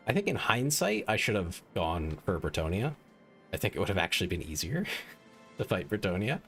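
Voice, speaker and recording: A man with a very low voice talks loosely over his game, rambling and poking fun at himself as he goes. Faint game music plays quietly under him while he speaks into a desk mic. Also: very animated, a little fast. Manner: rambling and self-mocking, many "like" fillers. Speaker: game streamer. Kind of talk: casual gaming stream chat.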